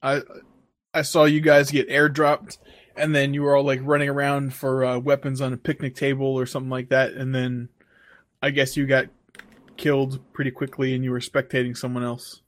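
A man co-hosting a casual podcast, recounting things in a relaxed way. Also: medium pitch, moderate pace, no echo, clean studio sound. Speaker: podcast co-host. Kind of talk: casual chat.

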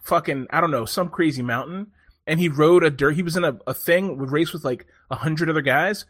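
Guy rambling through a story in a chat, kinda high voice, lots of "like", dry close sound. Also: fairly quick, breathy edge, dry recording. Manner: animated rambling storyteller, swears, many fillers. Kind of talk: casual chat.

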